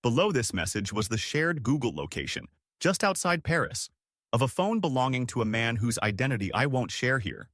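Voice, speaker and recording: A young man narrating a horror story in a dramatic, expressive way. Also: mid-range voice, a little fast, no echo, clean studio sound. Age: young adult.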